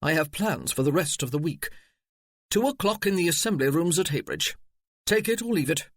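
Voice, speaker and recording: A man's voice: on the high side, lively intonation, normal speed, no echo, studio quality. A man voicing a curt, impatient old earl. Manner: curt, dismissive.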